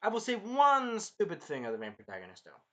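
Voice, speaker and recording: A man in his early twenties giving a rambling, casual movie review, jumping between topics with sudden loud outbursts. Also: sits high, huge pitch swings, fairly quick. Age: early 20s. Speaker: film reviewer.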